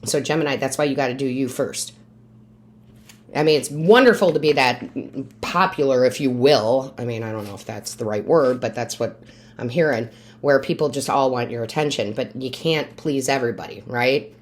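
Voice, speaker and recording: Low-voiced woman giving a tarot reading. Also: moderate pace. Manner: emphatic, coaching, asks "right?" often; asks the cards for messages in quiet asides. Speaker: tarot reader and medium.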